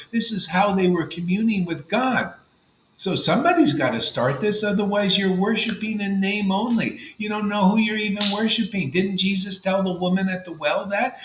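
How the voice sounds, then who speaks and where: A man giving an informal devotional talk to a gathering, casual and animated, often saying "man" and "you know". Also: high-pitched, echoey room, poor audio. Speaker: spiritual teacher.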